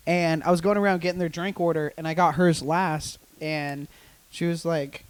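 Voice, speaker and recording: High-voiced man joking on a podcast. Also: fairly even intonation, moderate pace, clean tone, no echo. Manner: jokey, teasing, slangy banter. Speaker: podcast host. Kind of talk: casual podcast chat.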